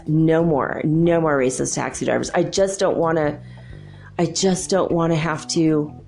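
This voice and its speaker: A middle-aged American woman hosts a spiritual podcast, her voice sitting low and slightly mellow. She chats casually about spiritual matters, rambling through stories and laughing often.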